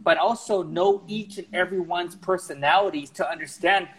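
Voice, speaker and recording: Man, podcast guest, earnest, frank, husky, slightly high voice. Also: normal speed, a bit bright, poor audio. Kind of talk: casual conversation.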